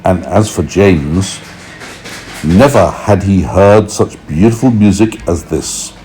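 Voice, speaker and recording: A man reading a storybook aloud for toddlers, expressive and unhurried, pausing to explain things. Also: low-pitched, a little hiss or hum, poor audio.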